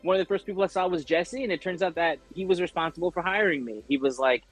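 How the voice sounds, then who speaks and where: Male actor guest, animated storyteller, dry close mic, faint music bed. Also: high voice, fast talker, no echo. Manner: animated, acts out quoted voices, frequent fillers. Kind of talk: casual interview storytelling.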